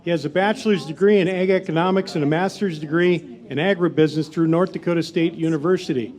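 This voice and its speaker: A man's voice: a little high, quick pace. A man acting as emcee, reading a formal introduction of the next speaker. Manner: formal, steady delivery. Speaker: event emcee.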